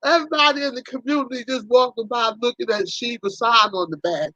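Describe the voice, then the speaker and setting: A woman's voice: on the high side, brisk, hardly any pauses, dry recording. Livestream host, woman, chatty and exclaiming, teases viewers, dull dry recording. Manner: animated, exclaiming, teasing viewers by name. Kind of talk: casual livestream chat.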